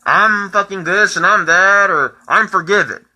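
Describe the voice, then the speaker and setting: A man in his twenties in a profane, heated personal rant that keeps rising into shouting. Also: on the high side, expressive, moderate pace, rough recording. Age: 20s.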